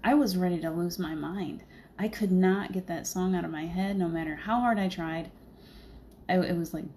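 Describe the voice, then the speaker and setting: A woman's voice: on the low side, normal speed, dark tone, slight background noise. A woman hosting a casual livestream as a spiritual medium, chatting in a rambling way and laughing often.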